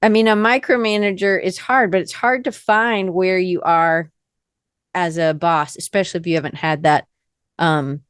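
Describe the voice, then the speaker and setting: A Southern American woman hosting a podcast, talking casually in a rambling, lively way that often stops and restarts. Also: lowish voice, normal speed, smooth, no room sound, clean studio sound. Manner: rambling, lively, self-interrupting. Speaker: podcast host. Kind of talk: casual conversation.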